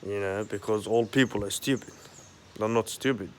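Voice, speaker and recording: A man in a rambling monologue at home, agitated and profane, halting often with fillers. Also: on the low side, fairly even intonation. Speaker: vlogger. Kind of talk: rambling direct-to-camera monologue. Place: at home, indoors.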